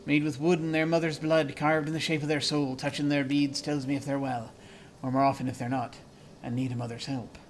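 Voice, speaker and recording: A man's voice: a little high, fast talker, slight background noise, natural voice. A man voicing a sour, cryptic old midwife in a video game, scolding in old-fashioned phrasing over faint game music. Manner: stern, scolding, archaic phrasing.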